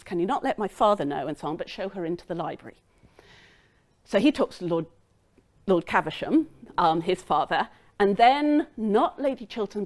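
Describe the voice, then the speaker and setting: A woman giving a lecture, retelling a play's plot in a lively way and briefly acting out the characters' lines. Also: medium pitch. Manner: lively, acts out lines of dialogue in quick quotes.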